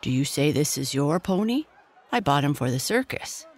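A bedtime-story narrator voicing Mister Drake, a fair-minded male circus owner, in a near-natural, measured voice. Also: mid-range voice, sing-song, a faint crowd.

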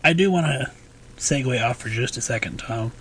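A man co-hosting a podcast, explaining things in a measured way and raising pointed questions. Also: medium pitch, fairly bright tone, a little hiss or hum, low-quality recording. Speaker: podcast co-host. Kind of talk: casual podcast chat.

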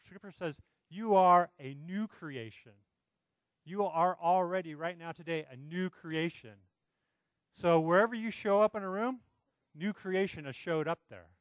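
Earnest man preaching, slightly higher voice. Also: a little slow, no room sound, muffled recording. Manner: earnest, pleading, conversational preaching with frequent "right?" asides. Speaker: pastor. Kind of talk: sermon.

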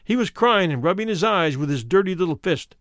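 A man narrating a first-person memoir as an audiobook in a measured, solemn manner. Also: sits high, expressive, a bit bright, no room sound, studio quality.

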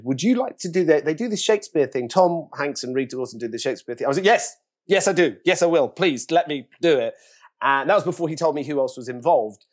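Man, middle-aged, English accent, interview guest, lively storyteller, mid-pitched voice. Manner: animated storyteller, acting out quotes with big pitch jumps. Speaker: actor interviewee. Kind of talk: casual anecdotal interview talk.

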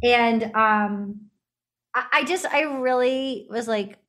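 A woman's voice: a little high, slow pace. A woman co-hosting a casual podcast chat, recapping a reality show and acting out the people in it with playful voices. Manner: animated storyteller, acts out quotes with silly voices. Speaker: podcast co-host.

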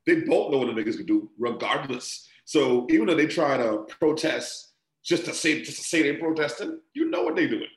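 A man co-hosting a casual podcast chat, excitable and full of slangy banter. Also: mid-range voice, normal speed, roomy sound. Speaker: podcast co-host.

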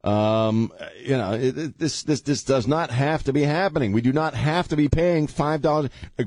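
A man's voice: fairly high pitch, animated, normal speed, few pauses, a little mellow, no room sound. A man hosting a talk radio show, ranting with heavy sarcasm into a studio microphone.

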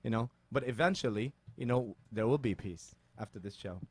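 A middle-aged man with a Middle Eastern accent hosts a loose comedy chat, rambling and joking, leaning on "you know" and little restarts. His voice sits at an ordinary middle pitch. The sound is close and dry, with no room around it. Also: fairly quick, slightly rough, no room sound. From Middle East. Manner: rambling, playful, many fillers. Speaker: podcast host.

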